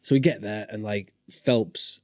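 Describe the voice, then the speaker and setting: A man's voice: on the low side, a little slow, a little mellow, no room sound, clean studio sound. A man from northern England in his forties, a podcast guest telling stories casually and animatedly, swearing and acting out voices. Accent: Northern English. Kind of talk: casual storytelling.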